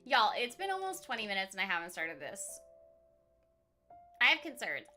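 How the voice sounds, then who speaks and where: A woman's voice: medium pitch, sing-song, normal speed, sharp tone, faint music behind. A woman voice actor chatting with viewers on a casual game stream in a bubbly, giggly way.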